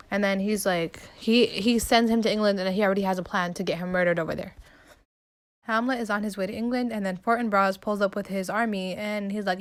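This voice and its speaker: A woman's voice: mid-range voice, steady tone, a little fast. Slangy young woman retelling a story. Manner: slangy, breezy, voices quotes loosely. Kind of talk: casual plot retelling.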